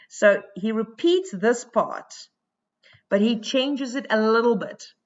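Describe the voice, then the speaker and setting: A woman's voice: on the high side, expressive, slow, lo-fi sound. A South African woman teaching a poetry lesson, explaining each point step by step in a chatty, informal way.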